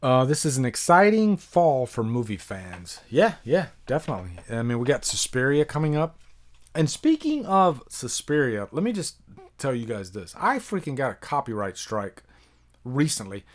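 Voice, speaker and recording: This American horror movie YouTuber, in his thirties, chats through a casual live-stream Q&A at a moderate pace with a sing-song lilt, reading viewer questions and rambling with lots of ums, fillers, and asides. His middle-pitched voice is captured by a desktop microphone.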